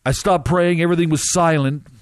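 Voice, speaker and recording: A man recounting a dramatic first-person testimony as a minister, emphatic and halting, with drawn-out pauses. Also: fairly high pitch, steady tone, smooth, no room sound, clean studio sound.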